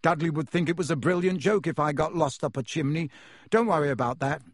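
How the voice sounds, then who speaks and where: A man's voice: a little high, brisk, husky, no echo, clean studio sound. A man voicing an unsure teenage wizard boy who speaks hesitantly.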